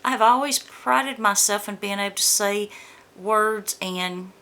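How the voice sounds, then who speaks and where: A woman's voice: medium pitch, unhurried, sharp tone. A woman from the American South chatting casually through a beauty box unboxing. She reads product blurbs aloud and stumbles over the product names. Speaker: beauty vlogger.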